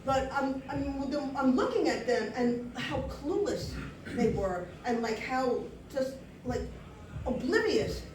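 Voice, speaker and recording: A woman tells a comic story on a live stage, animated and full of restarts. Her voice sits high for a woman. The sound is roomy and caught from a distance, with faint noise behind it. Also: slow. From Brooklyn, New York. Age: 40s.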